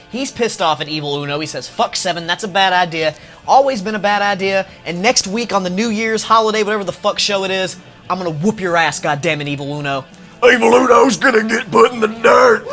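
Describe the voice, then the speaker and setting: A man hosting a casual wrestling recap, profane and animated, laughing often and mimicking wrestlers in quick bursts. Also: high voice. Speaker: wrestling review host.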